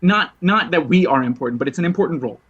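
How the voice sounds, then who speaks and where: A man's voice: fairly high pitch, quick pace, slightly rough. Rambling, laughing man on a dull line. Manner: rambling storyteller, laughs often, lively retold quotes. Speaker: podcast guest. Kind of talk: casual chat.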